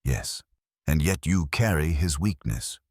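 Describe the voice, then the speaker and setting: A man's voice: rumbling low, animated, a little slow, dry recording, studio quality, full character voice. A man voicing a stern, cold German colonel who speaks in clipped threats. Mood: menacing.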